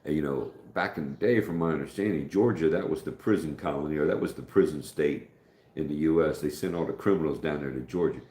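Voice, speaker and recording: A man's voice: extremely low pitch, fast talker, warm tone. A middle-aged man from the United States hosting a live stream, rambling through stories in casual chat and acting out quoted dialogue. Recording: echoey room.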